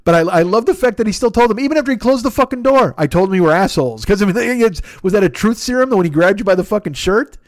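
A man with a high voice tells a comedic story on his podcast, swearing freely and bringing the story to life. He acts out every side of the argument himself. The sound is close and dry, with no room around it. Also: fast talker, hardly any pauses, no echo. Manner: profane, animated, acts out both sides of the dialogue. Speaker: podcast host.

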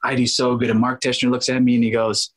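Casting note: husky-voiced man in his thirties, chatty and animated interview guest, mid pitch. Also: quick pace, rough recording. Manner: animated, laughs often, acts out quotes. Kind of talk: casual interview storytelling.

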